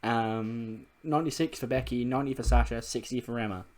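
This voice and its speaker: A man's voice: medium pitch, fairly quick, a little mellow. A man casually narrating and commenting on his game run, swearing freely and laughing along. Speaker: gaming video host.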